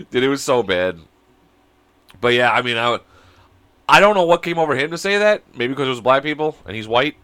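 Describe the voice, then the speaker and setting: A man's voice: medium pitch, big pitch swings, brisk, long pauses, bright, forceful tone, smooth, no echo. A man co-hosting a podcast over a video call, telling crude stories in casual chat and laughing often. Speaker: podcast co-host.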